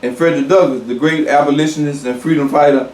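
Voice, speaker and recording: A man preaching a sermon, slow and emphatic, repeating key words and pausing with fillers. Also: a little high, steady tone, a little mellow, reverberant, far from the mic.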